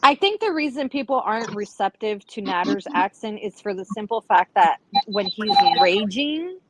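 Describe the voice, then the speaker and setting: A woman's voice: medium pitch, sing-song, normal speed, fairly bright tone, dry recording, poor audio. A woman from Brazil and Uruguay on a video call, talking bluntly and emphatically as a panelist in a casual chat.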